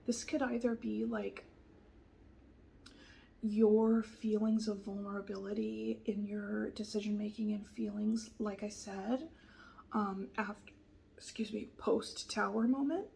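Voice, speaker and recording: A woman giving a soft-spoken tarot reading, gentle and reassuring, often sliding into a whisper and pausing with fillers. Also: medium pitch, fairly even intonation, vocal fry, poor audio. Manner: hesitant, many fillers and restarts. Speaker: tarot reader.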